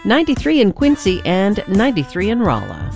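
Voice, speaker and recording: A woman's voice: mid-range voice, brisk, vocal fry, music in the background. A woman station announcer reading weather, sports scores and sponsor messages. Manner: lively announcer delivery. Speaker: local radio station announcer.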